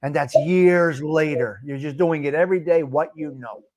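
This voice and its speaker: A man's voice: on the high side, normal speed, a little mellow. A male podcast host talking about working life from experience, repeating short emphatic phrases. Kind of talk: casual talk show chat.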